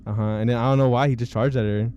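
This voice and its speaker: A man's voice: medium pitch, fairly even intonation, racing, a little mellow, lo-fi sound. A young man hosting a podcast, telling a story in loose, filler-heavy casual chat and laughing often. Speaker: podcast host.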